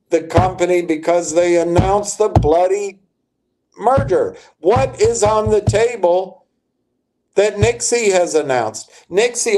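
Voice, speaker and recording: An older man hosting a livestream, rambling through stock-market commentary with halting restarts while he talks to his chat viewers. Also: sits high, darkish tone.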